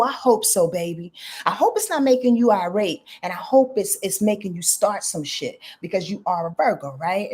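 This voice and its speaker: A woman astrologer giving lively, slangy live-stream readings, answering viewers by name and swearing freely. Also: lowish voice, breathy edge. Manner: animated, slangy, swears freely, reads viewer comments aloud.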